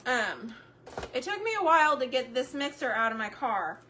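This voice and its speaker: A middle-aged woman chatting casually on a homemaking livestream, searching for words between fillers, her throat a bit hoarse. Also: high-pitched, animated, moderate pace, background noise. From Texas. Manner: chatty, warm Southern drawl with frequent fillers and word searches.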